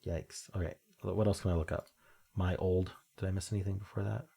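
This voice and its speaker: A man with a deep, gravelly voice works through a crossword, reading clues aloud and muttering his guesses as he goes. His tone is husky and unpolished, the sound of someone thinking out loud on his own. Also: flat delivery, brisk. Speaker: crossword-solving video host. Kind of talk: thinking aloud while solving a puzzle.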